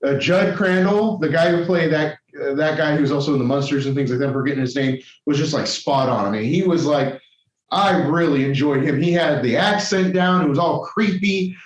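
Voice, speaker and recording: A man's voice: a little high, a little fast. A man co-hosting a casual podcast chat. He rambles, stops himself and restarts his sentences, and he is tired and running on caffeine. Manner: rambling, self-correcting, many restarts. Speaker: podcast co-host. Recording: roomy, dull lo-fi sound.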